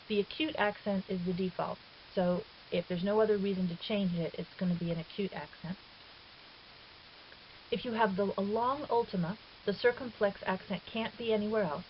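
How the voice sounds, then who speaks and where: A woman talks through a grammar lesson patiently and step by step, sometimes stopping to correct herself. Her voice sits at an everyday pitch. The recording is dull and lo-fi, with a faint hiss underneath. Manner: patient, methodical, with fillers and self-corrections. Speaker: Greek teacher. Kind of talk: recorded lecture explanation.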